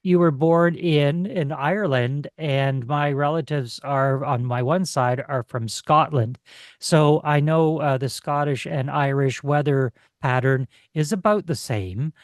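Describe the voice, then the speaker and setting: A man hosting a radio interview show, reading his introduction in a lively announcer tone. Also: a little high, a little slow, dry recording, clean studio sound.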